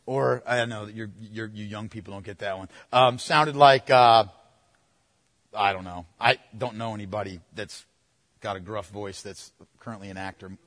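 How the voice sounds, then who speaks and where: A man preaching a sermon, moving between forceful proclamation and hushed, playful asides to the congregation. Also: fairly low pitch, fairly even intonation, normal speed, in a large hall. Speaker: pastor.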